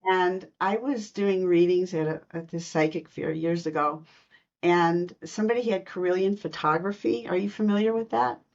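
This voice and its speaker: Podcast guest: female, slightly low voice, animated storyteller who laughs often; dull, lo-fi sound. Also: normal speed, vocal fry. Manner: lively storyteller, laughs between lines. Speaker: guest, intuitive reader. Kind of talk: personal storytelling in a podcast interview.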